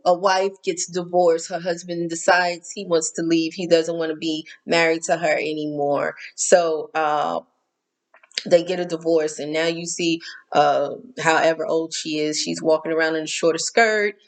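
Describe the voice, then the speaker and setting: A woman's voice: deep voice, fairly even intonation, measured pace. A middle-aged woman hosting a casual spiritual talk, candid and emphatic, repeating herself and cursing now and then.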